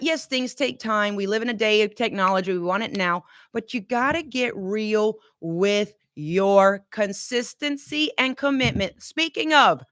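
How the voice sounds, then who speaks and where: A woman in her forties giving an energetic motivational pep talk as coach and host, urging listeners to repeat affirmations after her. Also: a little high, dry recording, clean studio sound. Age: 40s. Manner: energetic, exhorting, call-and-response.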